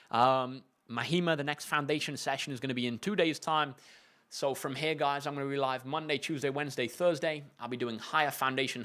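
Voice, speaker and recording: A young man with a British English accent, a maths tutor answering viewers' questions in a relaxed, chatty livestream with plenty of fillers and restarts. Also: medium pitch. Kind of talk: casual livestream Q&A.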